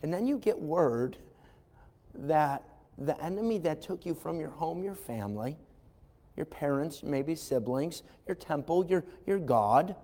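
Animated pastor, voice ringing in a hall. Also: male voice, on the high side, measured pace. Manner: animated storyteller, acting out voices, wry asides. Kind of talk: sermon. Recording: long hall reverb.

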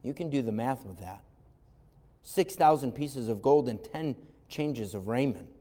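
A man preaching a sermon as an animated storyteller who acts out voices and adds wry asides, recorded in a church sanctuary. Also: mid-range voice, unhurried. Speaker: pastor. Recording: long hall reverb.

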